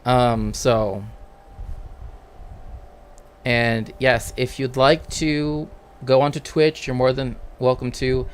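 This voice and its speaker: A man's voice: medium pitch, little pitch movement, slow pace, pauses often, slight background noise. A man streaming as a cultural historian, talking casually and rambling, checking in with tag questions. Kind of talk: casual livestream chat.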